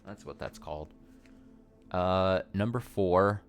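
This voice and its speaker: A man with a low voice gives casual commentary while playing a puzzle game. He thinks out loud, swears freely and pokes fun at himself. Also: takes it slowly, faint music behind. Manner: thinks aloud, swears casually, self-mocking. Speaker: let's play streamer.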